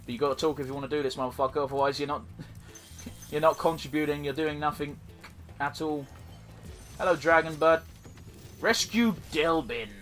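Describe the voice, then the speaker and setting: A man narrating his game in loose, rambling commentary, peppered with swearing and jokes at his own expense. His voice sits a bit higher than most men's, with faint music playing underneath. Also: flat delivery, a little fast, long pauses, a bit bright. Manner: rambling, profane, self-deprecating. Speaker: let's play host. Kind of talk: casual gameplay commentary.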